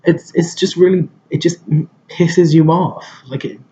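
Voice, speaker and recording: A man's voice: fairly high pitch, steady tone, unhurried, mellow, lo-fi sound. A man giving a casual film review, rambling and hesitant, with lots of fillers and restarts.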